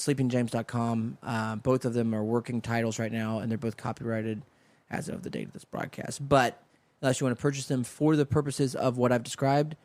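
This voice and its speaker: His voice is mid-range and a little mellow, recorded without echo in a home studio. The podcast host rambles through a story on his solo comedy show, riffing and doing voices for each character.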